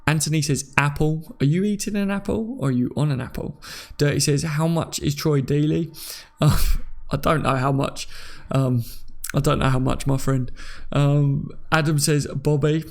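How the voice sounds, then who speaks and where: A man's voice: on the high side, moderate pace, vocal fry. A young man hosting a casual live stream, reading viewer comments aloud and laughing often.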